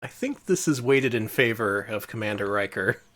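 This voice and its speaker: A woman's voice: a bass voice, expressive, normal speed, fairly bright tone. A woman co-hosting a game stream, making dry sarcastic remarks. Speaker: stream co-host. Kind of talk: casual live-stream chat.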